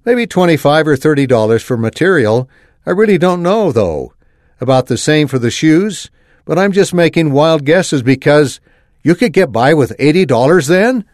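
Man voicing teen girl, tearful, proud, animated delivery, dry. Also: fairly high pitch, moderate pace, no room sound, close to an everyday voice. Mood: upset. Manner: strained, near tears.

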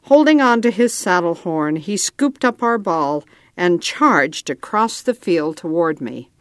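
A woman's voice: fairly low pitch, expressive, measured pace, no echo, studio quality. A woman reading a storybook aloud, lightly acting out the dialogue.

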